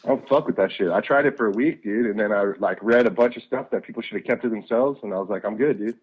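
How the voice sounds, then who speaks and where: A man's voice: lowish voice, quick pace, husky, phone-quality sound. A man chatting casually on a video call, slangy and swearing, full of "dude" and "bro". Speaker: caller. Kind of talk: casual chat.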